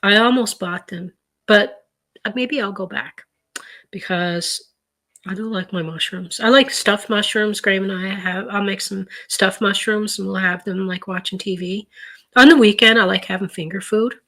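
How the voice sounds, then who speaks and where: A woman's voice: medium pitch, steady tone, moderate pace, a bit bright. A middle-aged woman from Canada's East Coast, chatting casually through a grocery haul and rambling stories with many fillers and restarts. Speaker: vlogger showing a grocery haul. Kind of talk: casual chat.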